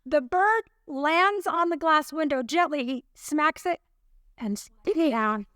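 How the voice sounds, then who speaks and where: A woman's voice: high-pitched, slow, no echo, clean studio sound. A woman co-hosting a podcast, telling a chatty story and acting out the voices of the people in it. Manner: animated storyteller, acts out voices. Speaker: podcast co-host. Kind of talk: casual chat, storytelling.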